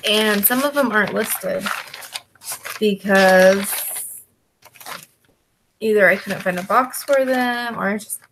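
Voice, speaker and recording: A woman reseller chatting casually with her viewers as she works, drawling along with plenty of fillers. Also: noisy background. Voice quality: gravelly, creaky. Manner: slow, drawling and relaxed, with frequent fillers; calls to her dogs in a high, coaxing voice. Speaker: online reseller vlogger. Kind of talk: casual chat while working, answering viewers.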